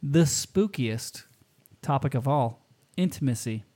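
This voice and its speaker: A man's voice: mid-range voice, animated, measured pace, dark tone. A man hosting a podcast in casual chat, teasing his co-host with crude humor.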